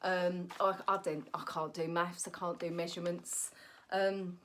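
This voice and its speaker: A woman's voice: fairly low pitch, flat delivery, moderate pace, a bit bright, a little hiss or hum. A woman, a comedian delivering a rambling comic monologue and correcting herself as she goes. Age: 40s. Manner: rambling, cheeky, self-correcting.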